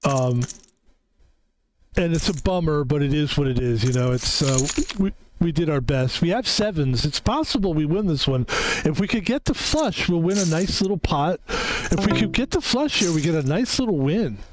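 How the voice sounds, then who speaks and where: A man's voice: on the high side, expressive, normal speed, background noise. A man casually commentating his own online poker game, rambling and correcting himself, with the odd swear word when he loses a hand. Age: adult. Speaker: gaming video host.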